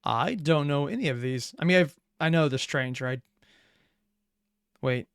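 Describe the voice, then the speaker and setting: A man hosting a reaction video, chatting casually with rambling, excitable asides. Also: on the high side, moderate pace, clean tone, no echo, clean studio sound. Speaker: reaction channel host.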